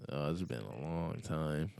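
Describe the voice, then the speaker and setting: A man's voice: rumbling low, animated, unhurried, gravelly, darkish tone. A young man chatting casually on a podcast, laid-back and slangy, rambling with lots of fillers. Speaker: podcast guest.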